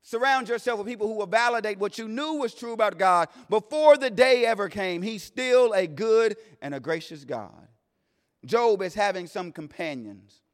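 A man preaching a sermon in a plain-spoken way, swinging between loud declarations and hushed asides. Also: high voice, lively intonation, moderate pace. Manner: plain-spoken, vernacular phrasing. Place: church sanctuary. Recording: long reverb of a large hall.

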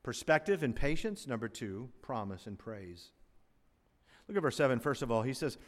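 A man, an older pastor, preaching a sermon, animated, swinging between loud emphasis and quiet asides. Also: mid-range voice, normal speed. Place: church sanctuary. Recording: long reverb of a large hall.

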